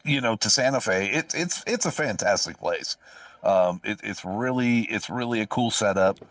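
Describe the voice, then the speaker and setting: An easygoing man talks with an expressive voice, co-hosting a relaxed podcast. He sounds dry and somewhat distant from the mic. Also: fairly low pitch, normal speed, dry recording. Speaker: podcast co-host. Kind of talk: casual chat. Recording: dry, a bit far from the mic.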